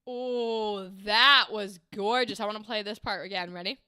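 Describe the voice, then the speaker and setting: Bright-voiced woman coaching voice actors. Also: mid-range voice, fairly even intonation, moderate pace, clean tone, no room sound, studio quality. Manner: chatty, enthusiastic, demonstrates lines. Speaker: livestream host and voice acting coach. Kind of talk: casual livestream chat and acting feedback.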